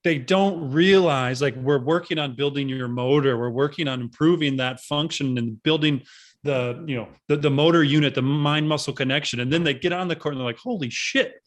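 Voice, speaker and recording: A man's voice: fairly high pitch, fairly quick. A man hosting a basketball training podcast, talking enthusiastically and rambling with frequent fillers. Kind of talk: podcast interview.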